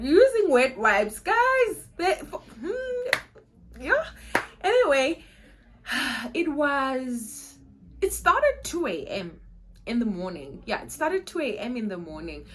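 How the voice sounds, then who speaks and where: Young South African woman with a Xhosa accent, vlogger, lively storyteller, slightly high voice. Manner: animated, laughing, switching between English and Xhosa. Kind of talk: casual storytelling vlog.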